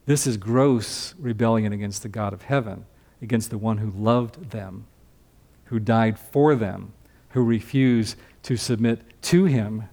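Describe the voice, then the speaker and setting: A man's voice: on the low side, measured pace, creaky, mellow. An older man preaching a sermon as a pastor, teaching from scripture in a conversational way and asking the congregation questions.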